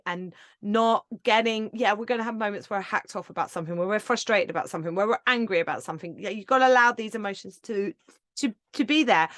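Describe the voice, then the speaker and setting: A woman's voice: mid-range voice, fairly bright tone, no room sound, clean studio sound. A woman hosting her own podcast, talking alone with passion and emphasis, swearing casually and laughing now and then. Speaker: podcast host and yoga teacher mentor. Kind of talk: solo podcast monologue.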